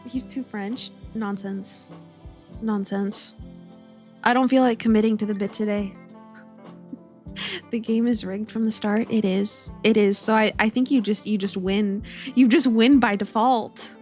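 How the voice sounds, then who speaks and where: A woman's voice: medium pitch, steady tone, moderate pace, darkish tone, faint music behind. A young woman streaming from home, chatting casually and a little rambling, giggling as she greets her chat by name.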